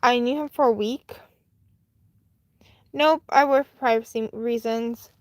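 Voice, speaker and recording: Rambling woman with a slightly high voice. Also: steady tone, unhurried, dry recording, clean studio sound. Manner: rambling, lots of fillers and restarts; chatty and candid. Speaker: live-stream host. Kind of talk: casual live-stream storytime.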